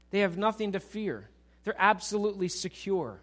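A man preaching a sermon with a somewhat high voice. He asks the congregation questions and builds to emphatic, animated peaks. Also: normal speed. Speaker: pastor.

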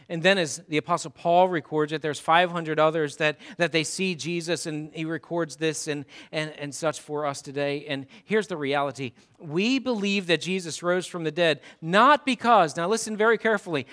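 A man preaching a sermon as pastor, animated, moving between loud storytelling and hushed emphasis. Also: a little high, normal speed, few pauses.

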